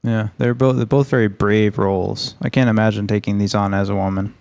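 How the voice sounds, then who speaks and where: A man's voice: lowish voice, steady tone, a little fast, darkish tone, smooth. A man co-hosting a podcast, discussing a film in a dry, understated way. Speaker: podcast co-host.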